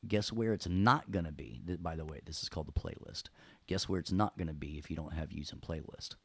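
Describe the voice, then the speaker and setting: A man teaching an audio software lesson in a casual, playful way, tossing in corny jokes between the steps. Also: deep voice, gravelly, husky, no echo. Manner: playful, joking, chatty with corny puns. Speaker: audio production instructor.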